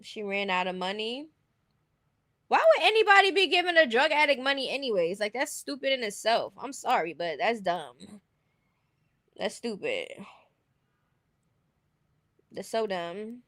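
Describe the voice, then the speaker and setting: A woman's voice: on the high side, sing-song, a little slow, long pauses, fairly bright tone, dry recording. A woman streaming casual commentary, blunt and opinionated, often laughing as she talks.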